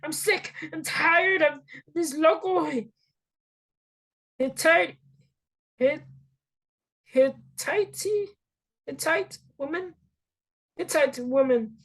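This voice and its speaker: A woman's voice: high-pitched, extremely slow, long pauses, a bit bright, pitched above the performer's own voice, heavily acted, low-quality recording. A woman voicing an anxious mother who urgently tells her son to flee. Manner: urgent, insistent.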